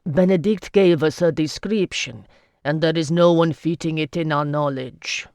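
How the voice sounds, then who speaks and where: A tired merchant nobleman speaks slowly and evenly, keeping his patience in a tense family dispute, as the narrator reads him. The voice sits at a middling pitch in a dry, close recording. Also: a little mellow, clear, resonant tone, no room sound, close to an everyday voice. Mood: grim. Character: weary male merchant noble, reasonable.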